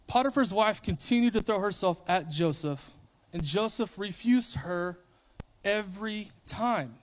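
A man's voice: high voice, a little slow. A man preaching a sermon, retelling a story in a casual, conversational way and briefly acting out the characters.

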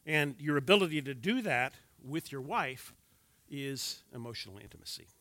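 A man's voice: medium pitch, lively intonation, moderate pace, pushed and bright, no echo. A man in his sixties teaching a church class on marriage from slides, with wry joking asides to the audience.

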